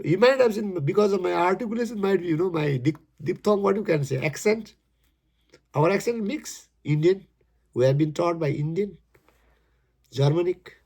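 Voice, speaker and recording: A man explaining his poem in halting, emphatic English, repeating his words as he goes. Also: high voice, creaky, dark tone, breathy edge. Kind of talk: casual spoken explanation.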